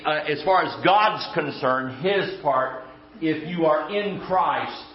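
A man preaches in a folksy, emphatic way, tossing in quick asides. His voice sits a little high for a man. It was recorded in an echoey church room on dull, lo-fi gear. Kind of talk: conversational sermon.

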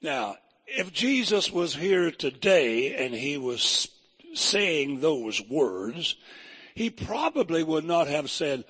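A man preaching a sermon in a folksy, plain-spoken way, reading scripture slowly and rising to emphatic peaks. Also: on the high side, big pitch swings, a bit bright, husky. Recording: long reverb of a hall.

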